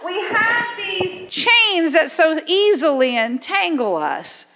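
A woman's voice: extremely high pitch, very animated, takes it slowly, bright, forceful tone. A middle-aged woman preaching a sermon in a church, emphatic and conversational, firing off rhetorical questions. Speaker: guest speaker at a church. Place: church sanctuary. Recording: long hall reverb.

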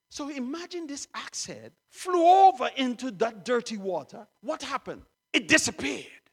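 A man's voice: extremely high pitch, bright, forceful tone. A man preaching a sermon as a chaplain, telling a scripture story dramatically with emphatic repetition.

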